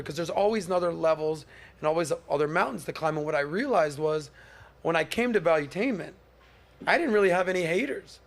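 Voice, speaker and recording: Host type, forties, man, slightly high voice, animated storyteller who slips into mock voices for quotes. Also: brisk. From Miami area. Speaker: podcast host. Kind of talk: casual storytelling monologue.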